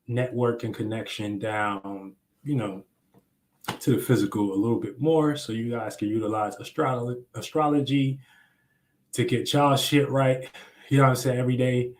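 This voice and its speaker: A man's voice: medium pitch, a little mellow. A young adult man hosting a live astrology stream, talking loosely and slangily in rambling explanations. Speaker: astrology livestream host. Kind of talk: casual livestream talk.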